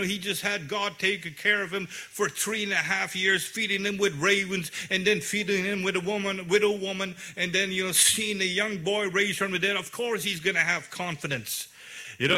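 A man's voice: high voice, pushed and bright. A man preaching a sermon, retelling a scripture story in his own words with many fillers and restarts.

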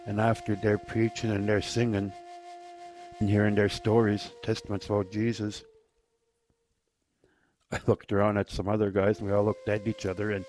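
Low, flat-voiced man sharing his testimony. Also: faint music behind. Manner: halting and repetitive, often trailing off quietly. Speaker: former inmate sharing his faith testimony. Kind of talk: personal testimony.

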